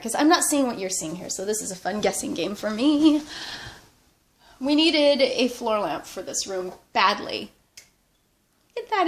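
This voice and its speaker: A woman vlogger with a fever, chatting casually and rambling, with frequent laughter. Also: on the high side. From United States. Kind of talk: casual vlog chat.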